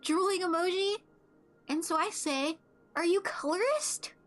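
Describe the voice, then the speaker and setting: A woman's voice: extremely high pitch, a little slow, fairly bright tone. A young woman streaming a game while telling stories in a blunt, profane, casual way.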